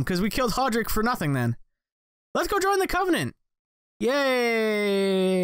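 A man giving let's play commentary on a video game, excitable, swearing and yelling at enemies, his voice cracking at times. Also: high voice. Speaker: gaming channel host.

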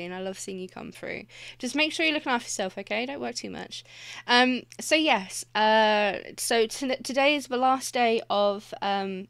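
A woman's voice: medium pitch, vocal fry, a bit bright, smooth, no echo. A woman streamer chatting casually and rambling, easily distracted, swearing freely and greeting chat between laughs.

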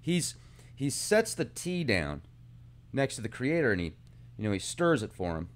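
A man hosting his own video channel, talking through a film's symbolism in an earnest, animated monologue. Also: medium pitch, normal speed. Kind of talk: casual monologue analysis.

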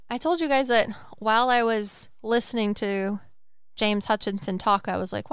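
A woman hosting a podcast, excitedly retelling a story in a rambling, casual way. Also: mid-range voice, moderate pace, clean tone, no echo, clean studio sound. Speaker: podcast host. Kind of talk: casual chat.

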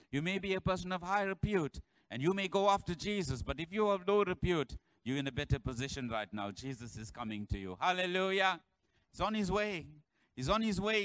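A pastor preaching a sermon in church, building to shouted refrains and calling on the congregation to answer. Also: male voice, on the high side, dry recording, low-quality recording.

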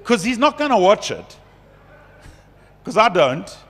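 A middle-aged man preaching a conference sermon as a pastor, chatty and lively, laughing between points. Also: high voice, measured pace. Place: large conference hall. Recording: long hall reverb.

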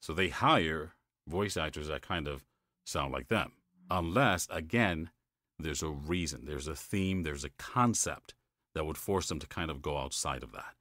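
A man's voice: rumbling low, a little slow, no room sound, clean studio sound. A man with a New York-New Jersey accent, a voice actor telling stories as a guest in a casual interview, often tossing in "man". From United States. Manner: animated storytelling, says "man" a lot.

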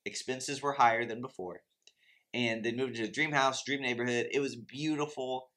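A man's voice: medium pitch, normal speed, a bit bright. Guy preaching faith n money, fired up, chatty asides to viewers, mid voice. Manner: impassioned, exhorting, conversational with asides. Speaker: Christian finance teacher. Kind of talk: preachy teaching talk to camera.

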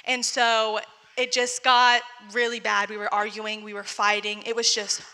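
A woman's voice: fairly high pitch, level tone, a little slow, sharp tone, big-room sound. A young woman giving a candid, chatty personal testimony at a church gathering, talking casually and using "like" a lot. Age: young adult. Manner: candid, chatty, heavy use of "like". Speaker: testimony speaker.

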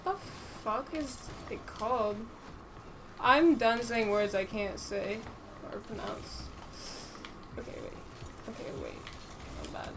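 High-voiced woman streaming a game. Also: slow, slight background noise. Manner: swears freely, reads and answers chat aloud. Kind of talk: casual live-stream gaming chat.

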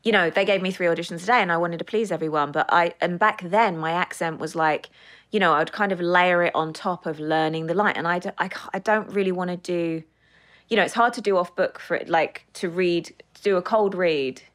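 Lady from the uk telling acting stories, kinda low voice, gets animated. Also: brisk. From United Kingdom. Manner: animated storyteller, lively laughs. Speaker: actress guest. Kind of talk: casual podcast chat. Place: studio.

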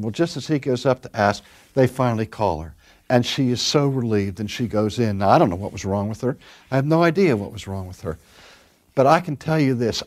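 An older pastor in the middle of a sermon, telling a story with earnest care. His voice sits at an ordinary middle pitch, and he slows down to lean on the words that matter. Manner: earnest storytelling, drawn-out emphasis on key words.

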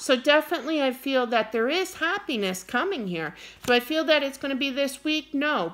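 Middle-aged woman tarot reader, higher voice, swings up and down a lot, gets worked up and teases. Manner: animated, gets wound up and scolds playfully. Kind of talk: casual tarot reading to camera.

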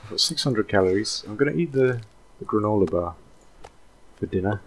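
This let's play host has a fairly low voice and a brisk delivery, with a little hiss or hum in the audio. He comments casually while playing a video game, thinking out loud and slipping into relaxed, meandering asides.

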